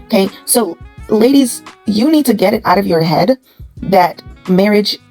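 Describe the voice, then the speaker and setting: A woman's voice: medium pitch, expressive, a little slow, a little mellow, soft background music, rough recording. A woman hosting a commentary channel, lecturing bluntly with many rhetorical questions. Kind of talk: opinion commentary to camera.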